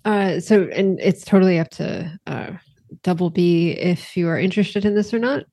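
A man's voice: sits high, moderate pace, creaky, mellow, dry recording. A man playing a tabletop game, hesitant and full of fillers. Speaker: player.

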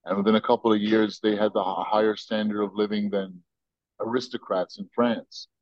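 An American man, a podcast guest, telling stories and arguing his views in an animated, opinionated way. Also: fairly low pitch, brisk, dry recording, lo-fi sound. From United States. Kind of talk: casual podcast interview.

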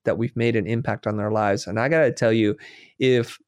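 A man's voice: on the low side, steady tone, brisk, no echo, clean studio sound. A man being interviewed who talks earnestly, telling stories and quoting himself and others as he reflects. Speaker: guest.

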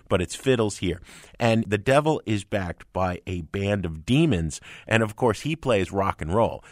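A man's voice: medium pitch, no room sound, clean studio sound. A man co-hosting a music review radio show, telling a song's story with eager emphasis.

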